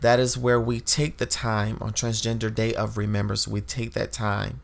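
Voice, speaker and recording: A woman with a gravelly, creaky voice speaks on her podcast in a fired-up, preachy monologue. She presses her points hard and talks straight to her listeners, calling them y'all. Her emotion is audible as she goes. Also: extremely low pitch, flat delivery, moderate pace. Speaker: podcast host.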